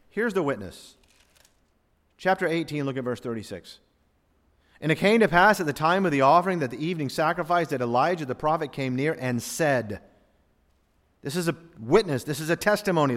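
A man preaches a sermon, his fairly high voice leaping through a wide, lively range. He drops to near hushes and then climbs to booming peaks. The sound rings with the long reverb of a large hall. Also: brisk. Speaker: pastor.

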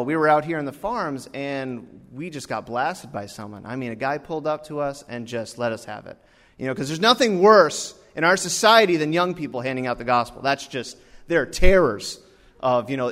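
A young man preaching a Christmas Eve sermon from the pulpit, telling stories with lively acted-out dialogue. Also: fairly high pitch. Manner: animated storytelling, acts out dialogue. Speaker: pastor. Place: church sanctuary. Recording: long hall reverb.

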